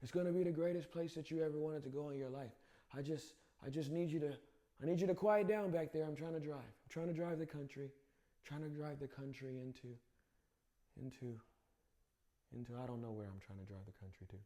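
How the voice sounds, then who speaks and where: A man doing a low, mumbling impression of a rambling president driving a carload of kids. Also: a little fast, warm tone, lightly acted. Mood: soothing rambling.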